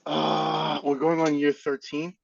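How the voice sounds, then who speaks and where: A man's voice: fairly high pitch, monotone, slow, gravelly, distant mic, muffled recording. A man from Brooklyn with a New York accent, a guest who talks in a candid, joking, self-deprecating way. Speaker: guest, real estate agent. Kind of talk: casual interview chat.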